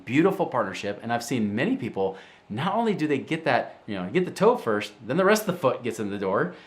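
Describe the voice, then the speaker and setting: A man's voice: mid-range voice, a little fast. A middle-aged man hosting a finance show, talking casually to camera and acting out the voices of people in his stories. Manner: animated storyteller, acts out quoted voices. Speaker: show host.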